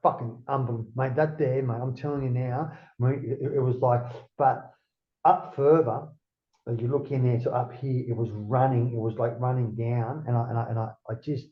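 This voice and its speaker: A middle-aged Australian man, an interview guest, telling rambling, animated stories full of swearing. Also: medium pitch, normal speed. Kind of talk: casual storytelling. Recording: roomy, dull lo-fi sound.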